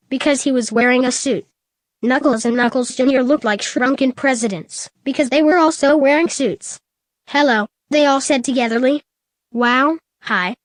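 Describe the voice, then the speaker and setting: A woman narrating a comedic fan story in a flat, deadpan reading. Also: high voice, no echo.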